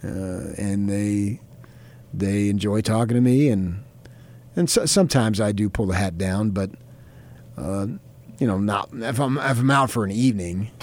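A man who works as a sports reporter and co-hosts a sports talk show tells stories in casual chat, rambling along with many fillers. His voice is fairly low, slightly mellow and measured in pace.

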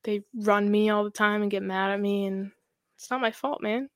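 A woman's voice: medium pitch, fairly even intonation, normal speed, dry recording. Young woman rambling about her games, lots of likes and ums, dry close sound. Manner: chatty, filler-heavy, laughing storyteller. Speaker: guest, hockey goaltender. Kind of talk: casual podcast chat.

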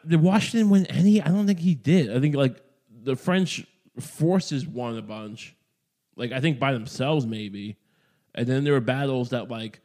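A man's voice: medium pitch, darkish tone. A man hosting a solo comedy podcast, rambling through a crude, profane monologue full of restarts and fillers. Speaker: podcast host.

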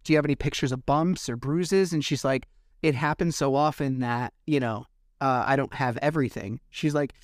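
Recorded dry in a clean studio, a podcast host speaks at normal speed in a mid-range voice, casually retelling events. He gets animated, acting out quoted exchanges and swearing at times.

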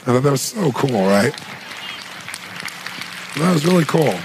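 Gravelly man telling an animated story. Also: mid-range voice, measured pace, a crowd in the background, noisy background. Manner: animated, retells dialogue with rhetorical questions. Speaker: motivational speaker. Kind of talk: storytelling on stage.

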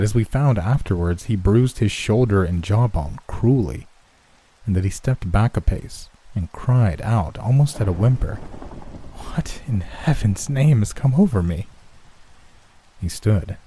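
A man reading a horror story as scripted first-person narration in a measured, steady way. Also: on the low side, slightly rough.

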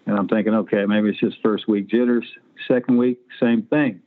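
A man's voice: fairly low pitch, steady tone, moderate pace. Man in his sixties on a phone line. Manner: blunt, profane anecdotes with acted-out quotes. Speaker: guest, former pro quarterback. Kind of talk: storytelling interview.

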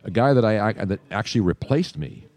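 A low-voiced older man hosts a sports radio show with polished, trained broadcast diction and a faint Philadelphia accent underneath. He tells stories in a lively, chatty way with quick asides. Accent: trained neutral broadcast, faint Philadelphia. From USA, South Philly. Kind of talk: casual radio show chat.

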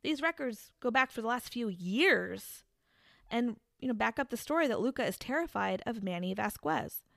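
A woman's voice: fairly high pitch, expressive, normal speed, gravelly, a bit bright, dry recording, clean studio sound. A woman casually retelling a true crime case to a friend, building to dramatic reveals with restarts and fillers. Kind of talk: casual storytelling chat.

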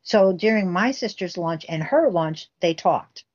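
A woman's voice: lowish voice, expressive, a little slow, a little mellow, highs cut off. A woman guest telling a family story intensely, acting out the quoted dialogue herself. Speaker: guest recounting a family case. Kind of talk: emotional storytelling interview.

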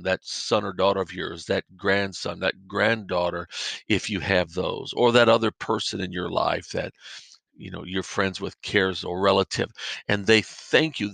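Gravelly-voiced man preaching a casual sermon. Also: fairly low pitch, pushed and bright, no room sound. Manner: folksy, repetitive, illustrates with everyday stories. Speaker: podcast preacher. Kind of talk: conversational sermon.

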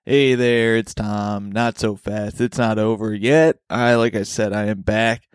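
A man's voice: on the low side, steady tone, measured pace, clear, resonant tone, no room sound, clean studio sound. A man hosting a podcast, rambling loosely through casual chat and swearing often. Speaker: podcast host.

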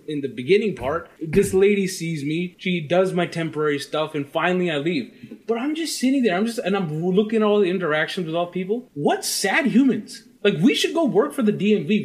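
A man's voice: sits high, brisk. Guy ranting on a podcast, cussing a lot, voice goes way up and down. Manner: animated, profane ranting storyteller. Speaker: podcast co-host. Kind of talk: casual chat.

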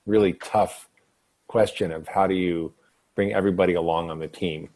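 A man's voice: deep voice, fairly even intonation, normal speed, a little mellow. A man hosting a podcast interview, talking earnestly and enthusiastically about food policy advocacy. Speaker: podcast host. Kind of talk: conversational interview.

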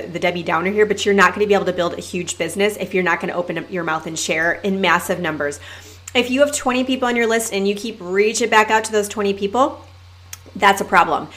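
A woman's voice: medium pitch, a bit bright. Peppy woman coaching her listeners. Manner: peppy and emphatic, addresses listeners as "you guys". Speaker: podcast host and network marketing coach. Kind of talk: energetic solo podcast coaching talk.

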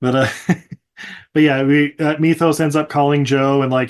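Man, somewhat high voice, rambling movie recap, laughs often, swears casually. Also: steady tone, normal speed. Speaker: podcast co-host.

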